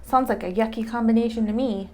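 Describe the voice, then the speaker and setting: A woman's voice: a little high, fairly even intonation, quick pace, darkish tone, close to an everyday voice. A woman voicing a cheerful male cousin baking in a storybook reading, playful and exclaiming.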